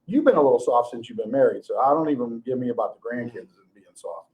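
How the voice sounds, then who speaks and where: A man's voice: mid-range voice, animated, fast, darkish tone, low-quality recording. A man co-hosting a podcast, chatting casually, teasing his co-hosts and laughing often with rambling restarts. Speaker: podcast co-host. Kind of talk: casual chat.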